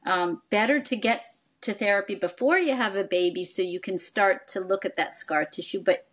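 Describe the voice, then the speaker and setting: Older woman psychoanalyst explaining calmly. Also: mid-range voice, normal speed. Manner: explanatory, acts out quoted parents. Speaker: psychoanalyst guest. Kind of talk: expert conversation.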